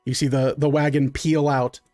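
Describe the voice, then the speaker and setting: A man's voice: mid-range voice, flat delivery, normal speed, darkish tone, no echo, faint music behind. A man running a tabletop game as game master, narrating in a loose, chatty way with lots of fillers.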